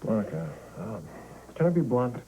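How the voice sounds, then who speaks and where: An actor playing a smooth, evasive lawyer in a soap opera. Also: male voice, fairly low pitch, big pitch swings, moderate pace, dark tone, low-quality recording.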